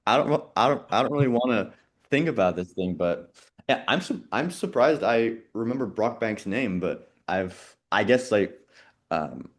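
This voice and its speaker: A man on a video call in a casual quiz chat, thinking aloud, muttering softly while he recalls answers and laughing often. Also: on the low side, lively intonation, moderate pace. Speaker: quiz co-host.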